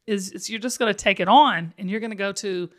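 A woman's voice: medium pitch, a little fast. A woman hosting a podcast in casual chat. She talks candidly and laughs often. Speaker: podcast host.

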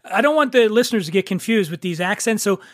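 High-voiced playful male podcast host. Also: expressive, quick pace, no echo, studio quality. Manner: jokey, playful, teasing. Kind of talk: casual podcast chat.

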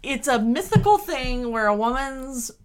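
A woman co-hosting a podcast in casual chat, teasing and quick with exclamations. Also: high voice, expressive. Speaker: podcast co-host.

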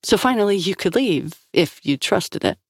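A woman narrator voicing a shrewd woman agent who questions in a measured, probing way. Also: on the low side, very animated, husky, dry recording, studio quality, full character voice.

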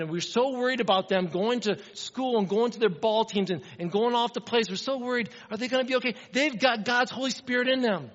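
A man's voice: high voice, a bit bright, in a large hall, highs cut off. A man preaching a sermon in an earnest, conversational way, often asking the congregation questions. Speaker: pastor.

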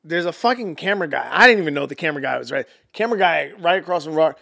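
Male podcast guest, gravelly and a bit high, casual and profane storyteller. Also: very fast. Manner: animated, profane, acts out quotes.

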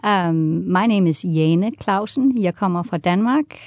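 A Danish-accented woman speaking as a radio guest, her voice mellow. She tells anecdotes cheerfully, recorded dry in a studio. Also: fairly low pitch, animated, a little slow, dry recording. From Denmark. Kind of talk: radio interview answers.

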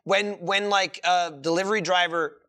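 A man's voice: sits high, steady tone, normal speed, pushed and bright, a little hiss or hum. A man on a podcast in casual chat, rambling in a puzzled way and acting out what he said. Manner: puzzled, rambling, acts out quoted lines. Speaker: podcast co-host.

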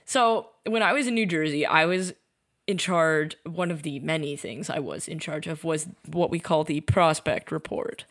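A young woman co-hosting a podcast, telling a story in casual chat, animated and laughing, acting out the lines of people she quotes. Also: low-pitched, moderate pace. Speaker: podcast co-host.

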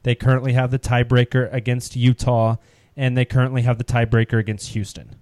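A man's voice: mid-range voice, flat delivery, a little fast, darkish tone, no room sound. Guy cracking jokes about his team on a podcast, regular mid voice, super dry sound. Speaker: podcast co-host. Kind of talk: casual sports chat.

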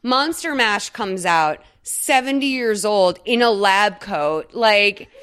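A woman co-hosting a podcast in casual chat, telling stories in an animated way, full of "like" fillers and quick laughs. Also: medium pitch, clear, resonant tone. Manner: chatty, animated storytelling full of 'like' fillers; laughs often mid-sentence. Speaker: podcast co-host. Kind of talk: casual chat recapping a movie.

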